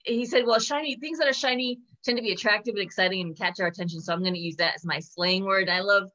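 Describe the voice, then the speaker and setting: A woman hosting a podcast, chatting casually and enthusiastically with lots of quick asides. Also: mid-range voice, pushed and bright. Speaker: podcast host. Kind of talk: casual chat. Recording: dull lo-fi audio.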